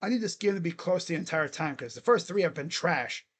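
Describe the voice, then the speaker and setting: A man giving casual, excitable play-by-play commentary on a live stream, swearing and laughing as he talks. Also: on the high side, fairly quick, breathy edge.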